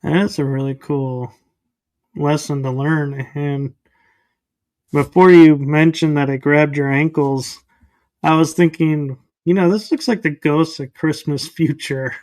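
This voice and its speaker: A relaxed, curious male host chats easily with his guest. His voice sits a bit higher than most men's, and the recording is dry and close with no room sound. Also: measured pace, no room sound. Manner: relaxed and curious, easy reactions. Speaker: podcast host. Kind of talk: casual interview chat.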